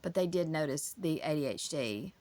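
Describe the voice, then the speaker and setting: A woman's voice: low voice, lively intonation, normal speed, dark tone. A woman, telling her family story in a casual, emotional, rambling way. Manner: emotional, rambling with many restarts.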